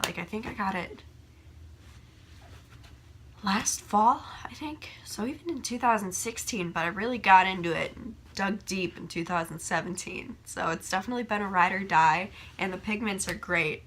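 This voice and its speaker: A young woman with a hoarse voice from a cold, chatting casually and rambling as a beauty vlogger by a window. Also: medium pitch, pushed and bright, a little hiss or hum. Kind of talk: casual chat. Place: room by a window.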